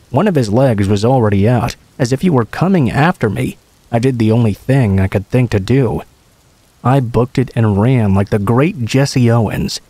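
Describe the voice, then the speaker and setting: A man reads true scary stories aloud with a mellow, dark tone. His telling is steady and casual, like a friend recounting something that happened to him. The voice sits close and dry, with no room sound around it. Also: mid-range voice, no echo. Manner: steady, casual first-person storytelling. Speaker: horror story narrator.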